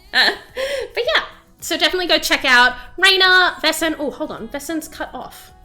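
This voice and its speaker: A bubbly woman streamer with a high, bright voice chats casually to her viewers. She talks freely and fills her sentences with "like", with a little music underneath. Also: very animated, a little slow. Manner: bubbly, chatty, full of "like" fillers. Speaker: VTuber streamer. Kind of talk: casual livestream chat.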